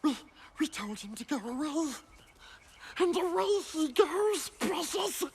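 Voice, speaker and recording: A man playing a timid, wounded creature who answers back in a soft, breathy whisper, in a film scene. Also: very high-pitched, very animated, slow, full character voice. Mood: defiant. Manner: pleading, defiant. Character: timid, wounded creature, gentler side, male. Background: film score.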